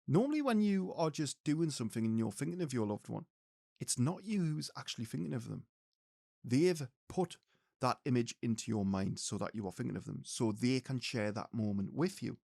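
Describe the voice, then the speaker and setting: A man's voice: medium pitch, expressive, moderate pace, vocal fry, a little mellow, no echo, clean studio sound. A man teaching mediumship, speaking earnestly and directly to his listeners. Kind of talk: spiritual teaching talk to viewers.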